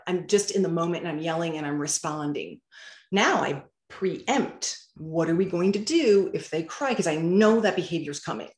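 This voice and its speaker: Lowish-voiced mom type telling stories, acts out the dialogue, echoey room. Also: female voice, moderate pace. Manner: animated storyteller who acts out dialogue. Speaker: parent guest sharing parenting advice. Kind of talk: casual interview talk. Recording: roomy echo.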